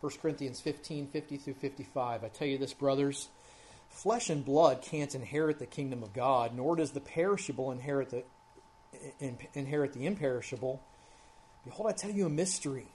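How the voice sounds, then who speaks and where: A man preaching a sermon, earnest and conversational, rising loud when he reads scripture. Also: a little high, moderate pace. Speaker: pastor.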